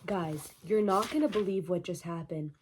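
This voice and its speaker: A woman gushing over a book in a review vlog, effusive, squealing and shrieking with excitement. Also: on the low side, normal speed, a little hiss or hum. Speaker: book vlogger.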